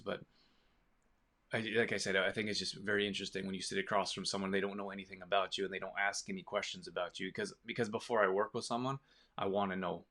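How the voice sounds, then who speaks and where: A man with a lowish, gravelly voice talks to camera in a loose, rambling way, restarting sentences and wandering off on tangents. He speaks as the owner of a small business. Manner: rambling, many restarts, animated asides. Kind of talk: casual rambling talk to camera.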